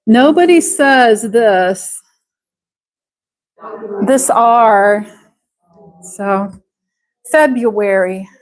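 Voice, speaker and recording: In a rough recording, a woman with a slightly high voice teaches a live online English class. She speaks slowly and patiently, stretching out words to show how they're pronounced.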